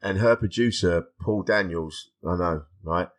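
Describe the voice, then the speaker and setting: Low-voiced man telling stories. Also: a little slow. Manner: animated, acts out dialogue, frank and self-deprecating. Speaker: stand-up comedian and podcaster, guest. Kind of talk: candid conversational storytelling.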